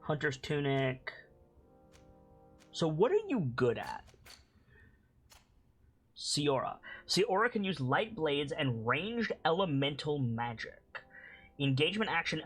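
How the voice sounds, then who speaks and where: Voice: medium pitch, big pitch swings, unhurried, a bit bright, soft background music, poor audio. A game streamer casually commenting on gameplay and reading game text aloud.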